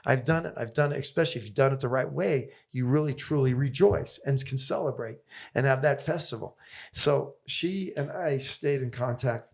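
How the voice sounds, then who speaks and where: Gravelly older coach, fired up. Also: male voice, mid-range voice, normal speed, a little mellow. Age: 70s. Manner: enthusiastic, repetitive rallying phrases. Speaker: tennis coach. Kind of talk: interview guest storytelling.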